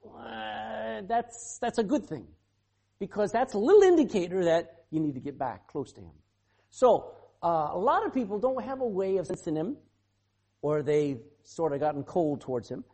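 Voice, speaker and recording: An animated pastor preaches with a lively, swooping pitch that rises and falls across each phrase. The delivery keeps throwing rhetorical questions at the listeners and acts out quoted speech with sudden swings in loudness. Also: normal speed, gravelly. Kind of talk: sermon.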